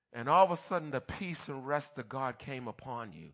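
Preaching at a moderate pace with few pauses, a pastor uses his expressive mid-range voice to engage the congregation in call-and-response. He keeps checking on them and slips in playful, teasing asides.

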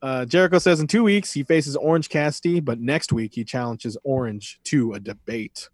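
A man's voice: medium pitch, normal speed, husky, no room sound. A man talks loosely on a podcast, rambling through the topic with plenty of fillers and the odd swear word. His voice sits in a middle register and is recorded close and dry, with no room sound around it. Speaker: podcast co-host recapping wrestling. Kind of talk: casual chat.

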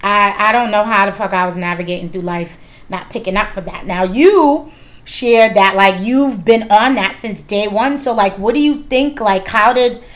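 A woman's voice: mid-range voice, moderate pace. A woman in her thirties hosting a casual chat, candid and swearing freely, with lots of fillers. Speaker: podcast host.

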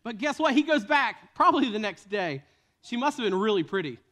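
A man's voice: high voice, big pitch swings, brisk, sharp tone. A man preaching a sermon as a retold story, casual in tone with joking asides.

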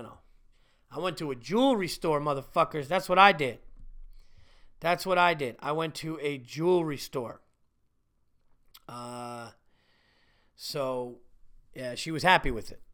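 A man's voice: mid-range voice, fairly bright tone, smooth. A middle-aged man hosting a podcast, telling profane, self-mocking stories in a rambling casual monologue. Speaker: podcast host.

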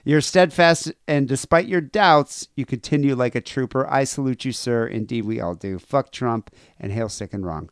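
A man's voice: medium pitch, normal speed, hardly any pauses, clear, resonant tone, no room sound, clean studio sound. A man hosting a podcast in casual chat, rambling and crude, reading listener emails aloud. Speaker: podcast host.

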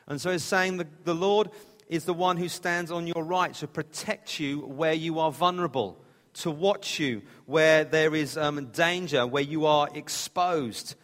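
Conversational preacher in a reverberant hall. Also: male voice, on the high side, unhurried, a bit bright. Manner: conversational, plain-spoken, with restarts. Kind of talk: sermon.

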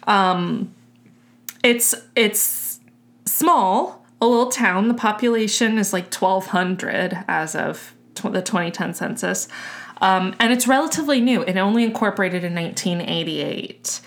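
A woman's voice: medium pitch, a little slow, fairly bright tone. Woman, podcast co-host, casual chatty delivery with many fillers. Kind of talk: casual chat.

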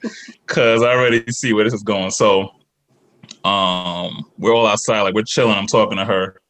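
Male podcast guest, low voice, animated storyteller. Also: moderate pace. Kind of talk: casual storytelling.

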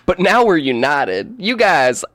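A young man co-hosting a podcast in casual, loud, jokey chat, laughing often. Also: on the high side, sing-song, a little slow. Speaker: podcast co-host.

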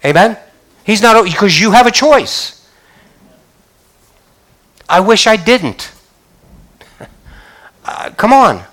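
A man's voice: sits high, lively intonation, slow, long pauses, fairly bright tone, rough recording. A male pastor preaching a church sermon, reading scripture aloud and questioning his congregation.

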